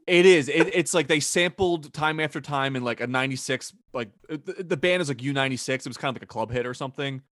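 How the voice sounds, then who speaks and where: A man's voice: medium pitch, quick pace, hardly any pauses, a bit bright, no echo, clean studio sound. A man co-hosting a TV recap podcast, talking expressively, laughing and mock-quoting characters. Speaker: podcast co-host. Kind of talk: casual podcast chat.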